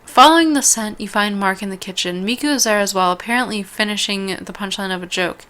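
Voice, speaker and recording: A woman reading an interactive story game aloud as a let's-play host, stumbling over words, restarting lines and dropping quick asides. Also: medium pitch, a bit bright.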